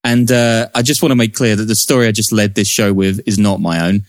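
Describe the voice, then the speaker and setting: A man's voice: fairly low pitch, steady tone, brisk, no echo, studio quality. A man hosting a podcast, introducing guests in a chatty, joking way. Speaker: podcast host.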